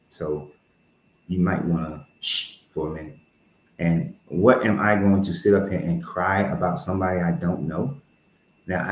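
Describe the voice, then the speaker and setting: A man's voice: deep voice, darkish tone. A man hosting his own show, giving blunt, profane, heated commentary in a casual tone. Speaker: podcast host. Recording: roomy, dull lo-fi sound.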